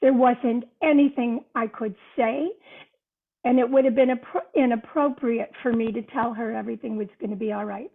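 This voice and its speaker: Older female guest, earnest storyteller, higher voice, phone-quality audio. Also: fairly even intonation, normal speed, creaky. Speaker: guest author. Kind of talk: podcast conversation. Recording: tinny phone-line sound.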